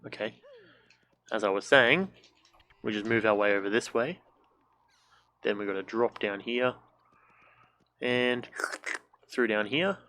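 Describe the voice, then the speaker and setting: A man's voice: lowish voice, unhurried, long pauses, sharp tone. A young man streaming a video game from a room at home, casual let's-play commentary, joking, swearing and making silly sound effects.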